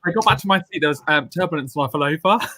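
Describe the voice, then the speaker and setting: A man's voice: a little high, bright, forceful tone. A man telling a long rambling travel story on a casual podcast, full of fillers and restarts. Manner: rambling, fast anecdote with many fillers.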